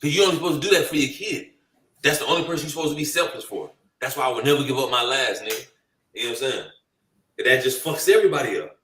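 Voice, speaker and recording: A man's voice: mid-range voice, quick pace, recorded from a distance, slight background noise. A young man co-hosting a casual group chat, telling slangy stories and acting out quotes. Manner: animated, slangy storytelling with acted-out quotes. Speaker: podcast co-host. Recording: roomy, off-mic sound.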